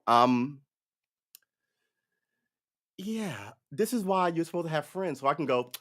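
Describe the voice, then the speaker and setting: A live-stream political commentator takes his time, his slightly high, somewhat bright voice staying animated. He wanders through a casual, opinionated monologue on current events, swearing along the way and ridiculing others with put-on voices.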